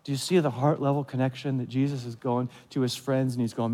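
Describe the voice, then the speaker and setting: A man's voice: medium pitch, steady tone, quick pace, mellow. A man, the pastor, preaching a sermon in a conversational way, asking the listeners questions and acting out short asides. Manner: acts out short voiced asides. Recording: long hall reverb.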